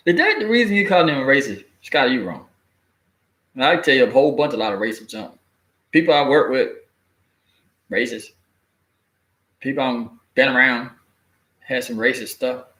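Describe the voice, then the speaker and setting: A man giving a blunt, animated opinion rant in casual, colloquial speech, cursing freely and laughing at his own jokes. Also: medium pitch, normal speed, long pauses. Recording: echoey room.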